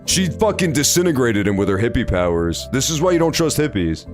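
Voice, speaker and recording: A young man streaming a game, reacting loudly and swearing often in casual commentary. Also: medium pitch, a little fast, music in the background. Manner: animated, reactive, swears often, loud outbursts. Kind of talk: let's play commentary.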